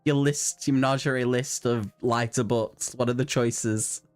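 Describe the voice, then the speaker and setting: A man's voice: medium pitch, fairly even intonation, unhurried, soft background music. A man hosting a casual book livestream, playful and giggly, slipping into silly voices. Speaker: book channel host.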